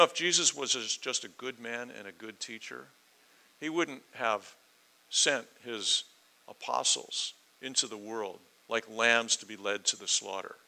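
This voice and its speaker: A man delivers a verse-by-verse sermon in a bright, forceful voice. He is earnest and emphatic, often acting out the questions he quotes and pressing his points with rising intensity. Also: medium pitch, vocal fry, rough recording. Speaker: preacher.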